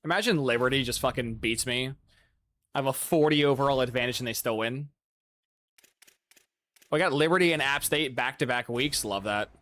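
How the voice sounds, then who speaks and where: A man's voice: medium pitch, normal speed, pauses often, fairly bright tone. Profane, chatty male gaming streamer. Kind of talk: casual gameplay commentary.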